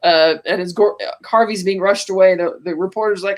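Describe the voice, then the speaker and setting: A podcast co-host on a call, casually recapping a film scene beat by beat in an animated, storytelling way. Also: medium pitch, fairly quick, few pauses. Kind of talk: casual movie recap chat.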